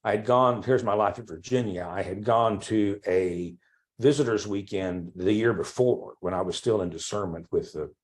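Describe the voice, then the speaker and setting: An older man from Texas, a priest, telling his life story in an oral history interview and acting out old conversations with lively, halting speech. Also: fairly low pitch. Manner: animated storytelling, acts out remembered dialogue; frequent restarts and ums.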